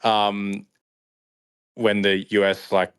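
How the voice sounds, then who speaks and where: A man hosting a livestream, chatting casually and joking with quick asides. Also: lowish voice, monotone, very noisy. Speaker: host.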